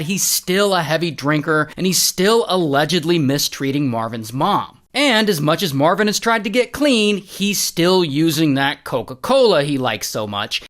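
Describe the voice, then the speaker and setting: A man narrating a true-crime story in a casual, playful way, punctuating the action with spoken sound effects. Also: a little high. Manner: animated, playful, adds sound effects like "blam" and "dun dun".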